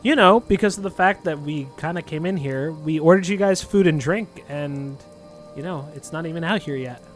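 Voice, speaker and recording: A man's voice: on the high side, moderate pace, faint music behind. A man narrating a tabletop game as game master, rambling with lots of fillers.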